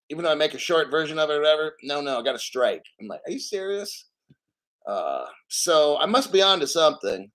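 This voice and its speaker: A man's voice: fairly high pitch, a bit bright. A man hosting a casual crypto livestream, a little out of breath, rambling and joking loosely as he reads donations.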